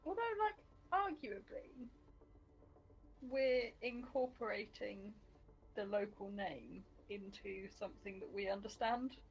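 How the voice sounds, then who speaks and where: A woman's voice: medium pitch, animated, slow, low-quality recording. A woman co-hosting a livestream, chatting casually and bantering with easy laughter. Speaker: livestream co-host. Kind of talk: casual chat.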